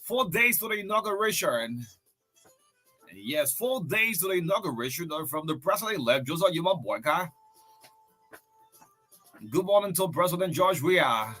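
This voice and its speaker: A man's voice: on the high side, normal speed, sharp tone, faint music behind. A man with a Liberian English accent hosting a breakfast radio show, chatting loosely and reading out listener greetings. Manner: chatty, storytelling, loose with fillers and laughs. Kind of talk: casual radio talk, reading listener shout-outs.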